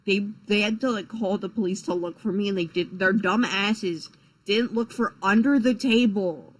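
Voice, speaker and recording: A man's voice: high-pitched, normal speed, low-quality recording. Rambling, profane young male streamer. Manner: rambling, profane, frequent fillers and restarts. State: tired, yawning. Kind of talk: casual live-stream chat.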